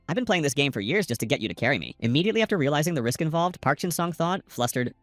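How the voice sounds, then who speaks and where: A man's voice: medium pitch, very animated, fast, dry recording, soft background music. A man narrating a comic-book recap in a scripted storytelling style, reading every character's lines himself with slightly uneven stresses. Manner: reads all characters' lines in a lightly varied narrator voice.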